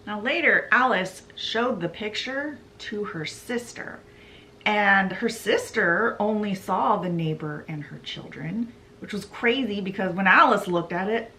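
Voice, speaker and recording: A woman's voice: mid-range voice, pushed and bright, a little hiss or hum. A woman hosting a book vlog, recapping a story in a chatty way with asides. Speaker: book vlogger.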